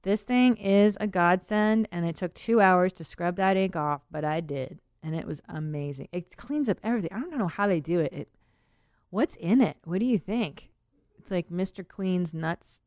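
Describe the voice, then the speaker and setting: A woman's voice: fairly low pitch, moderate pace, creaky, darkish tone, no room sound, clean studio sound. Candid, giggly woman podcast host. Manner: candid, giggly, rambling with fillers. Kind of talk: casual podcast chat.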